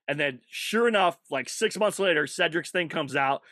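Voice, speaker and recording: A man who is a stand-up comedian, chatting casually on a podcast, animated and laughing often with quick asides. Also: a little high, dry recording, studio quality.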